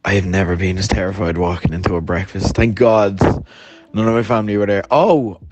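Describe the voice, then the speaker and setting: A man's voice: sits low, little pitch movement, fast talker. A hungover man telling a friend a story in a voice note, laughing often and swearing as he rambles. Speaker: podcast host.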